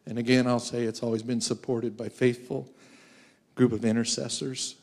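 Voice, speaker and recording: A man's voice: medium pitch, fairly even intonation, moderate pace, darkish tone. A man preaching as a guest speaker, telling personal stories with frequent laughs. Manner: storytelling, laughs often, acts out quoted voices. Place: church sanctuary.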